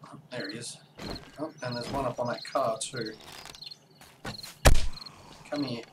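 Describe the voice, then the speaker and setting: A man giving chatty, rambling commentary on a live game stream, with sudden excited outbursts. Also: mid-range voice, measured pace. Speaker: let's play streamer. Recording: distant mic with loud background noise.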